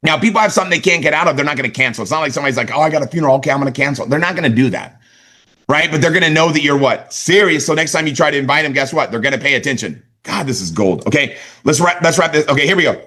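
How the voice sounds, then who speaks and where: Middle-aged man from California, motivational sales trainer, punchy and repetitive, bright forceful tone, slightly high-pitched. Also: lively intonation, racing. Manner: emphatic, repeats catchphrases, asks "right?" and "okay?". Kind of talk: energetic motivational talk.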